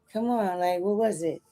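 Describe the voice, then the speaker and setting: A woman's voice: medium pitch, mellow. A woman speaking bluntly and emphatically in casual chat about online drama. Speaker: guest, stream moderator.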